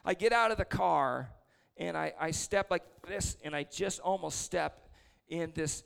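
Man in his 40s, gravelly lead pastor type, slightly high voice, chatty story-driven sermon with self-deprecating humor. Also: a little slow, fairly bright tone. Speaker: prayer leader preaching. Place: church service before a congregation.

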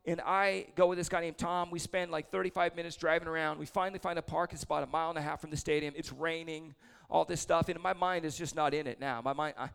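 Man in his 40s, gravelly lead pastor type, slightly high voice, chatty story-driven sermon with self-deprecating humor. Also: steady tone, fast talker, fairly bright tone. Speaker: prayer leader preaching. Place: church service before a congregation.

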